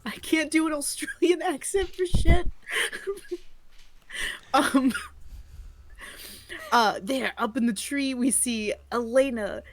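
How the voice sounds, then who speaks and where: A woman's voice: high voice, slow pace, long pauses, no echo. A woman playing in a tabletop game, swearing and breaking off into laughter as she talks.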